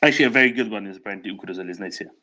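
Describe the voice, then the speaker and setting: A man's voice: on the low side, racing, sharp tone, rough recording. A man on a panel who explains languages in a precise, explanatory way. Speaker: panel speaker.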